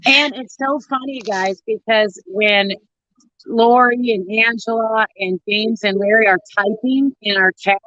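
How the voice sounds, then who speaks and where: A woman's voice: a little high, a little slow, sharp tone, dry recording. A woman trucker from northern Minnesota with a Minnesota accent, co-hosting a casual livestream chat in a folksy way. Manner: chatty, folksy, laughs easily. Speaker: co-host, trucker. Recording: dull lo-fi stream audio.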